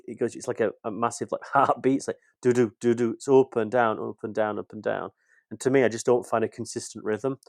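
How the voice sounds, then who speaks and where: A man in casual podcast chat, halting and repeating words as he searches for how to critique a film. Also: on the low side, a little mellow, no room sound, studio quality.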